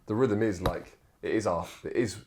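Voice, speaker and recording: A man's voice: lowish voice, normal speed, a little mellow, a little hiss or hum. A male interviewer musing aloud in casual chat, with loose, hedged phrasing. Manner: thinks aloud, hedging and loose.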